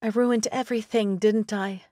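A female narrator voicing an emotional young woman in love, speaking high, tearful and flustered. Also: steady tone, normal speed, dark tone, no echo, clean studio sound, natural voice.

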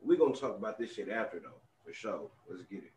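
A man with a lowish voice hosting a casual commentary video, full of street slang. He sounds set back from the mic in a roomy space, with faint noise behind. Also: animated, fast, darkish tone, far from the mic. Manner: loose slang-heavy street talk.

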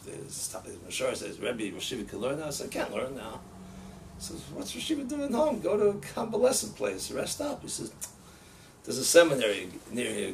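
A man's voice: lowish voice, vocal fry. A man, a rabbi, telling stories casually, laughing often and acting out the quotes. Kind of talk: casual storytelling. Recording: distant mic with faint ambient noise.

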